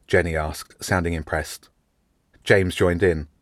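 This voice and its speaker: A male narrator reading a storybook aloud, even and measured. His voice sits low, and the recording is close and dry. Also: no echo. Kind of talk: audiobook narration.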